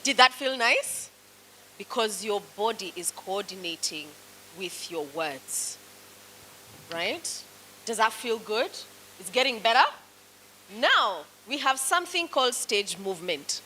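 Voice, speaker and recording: Slow, bright-voiced Kenyan woman teaching. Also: mid-range voice, expressive, rough recording. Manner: slow, coaching, encouraging commands. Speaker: public speaking teacher. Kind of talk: classroom instruction. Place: classroom.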